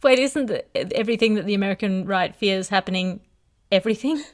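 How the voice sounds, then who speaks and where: A woman's voice: medium pitch, fast. A woman hosting a comedy podcast, making dry, wry quips and reading mock ads. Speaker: host.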